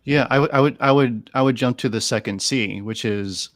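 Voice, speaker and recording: An animal communicator is a guest in a podcast studio, telling stories earnestly and often repeating words while he gathers his thoughts. His medium-pitched voice moves at a moderate pace, and the studio-quality audio has no echo.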